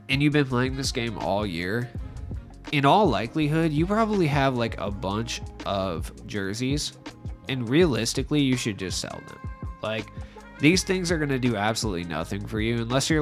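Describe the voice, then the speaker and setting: A young man talking through a gaming video with a nasal, allergy-stuffed voice, rambling and poking fun at himself. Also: medium pitch. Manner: rambling and self-mocking, with frequent likes. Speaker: gaming YouTuber. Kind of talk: casual gaming commentary. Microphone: voice-over without face cam.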